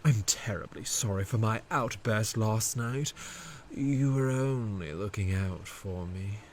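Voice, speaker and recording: A man's voice: lowish voice, slow pace, slight background noise. A man voicing a proud, snappish male steam engine in a storybook tale. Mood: apologetic. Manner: snappish, haughty.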